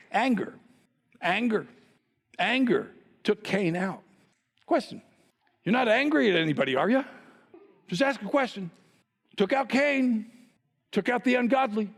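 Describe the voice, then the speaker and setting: A man's voice: very high-pitched, big pitch swings, normal speed, big-room sound. A male pastor preaching a sermon, teasing his congregation with playful rhetorical questions.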